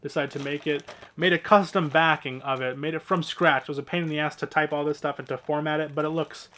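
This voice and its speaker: A man's voice: on the high side, steady tone, quick pace, a bit bright. A man casually walking through his movie collection, talking in a rambling, offhand way with lots of fillers and the odd swear.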